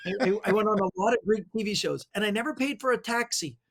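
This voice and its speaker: A middle-aged man, a magician guest, telling animated anecdotes with lots of fillers. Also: high-pitched, fast. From Canada. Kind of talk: storytelling interview answers.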